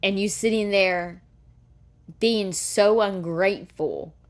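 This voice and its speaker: A woman talks to camera in a blunt, profane rant. Her voice sits at an ordinary middle pitch, and she mixes sarcasm with cursing. The delivery is casual, not polished. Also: takes it slowly. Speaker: reaction commentator.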